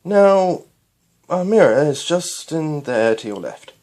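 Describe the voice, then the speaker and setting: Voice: mid-range voice, big pitch swings, takes it slowly, darkish tone, voice pushed up. A reader voicing an eccentric, upbeat time-traveling stallion in a storybook reading. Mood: cheerful.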